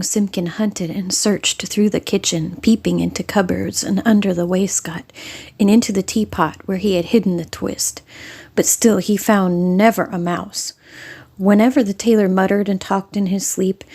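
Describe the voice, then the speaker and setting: Soft, breathy woman reading a storybook. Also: mid-range voice. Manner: soft, half-whispered narration.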